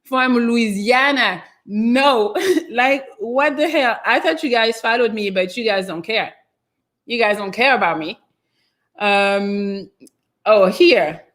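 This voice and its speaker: Slow-talking French woman streamer. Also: mid-range voice, fairly bright tone. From France. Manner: chatty and meandering, trails off with fillers. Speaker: livestream host reading viewer comments. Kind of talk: casual live-stream chat.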